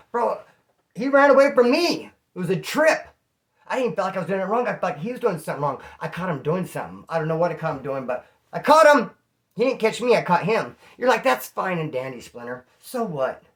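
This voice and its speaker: A man from California, a former inmate, telling a prison story casually to camera in slangy, animated talk full of bro and dude. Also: sits high, fast.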